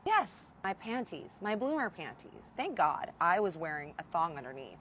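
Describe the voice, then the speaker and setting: A young woman telling a casual storytime vlog, animated and playful, swearing freely. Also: lowish voice, normal speed, slight background noise. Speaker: storyteller vlogger.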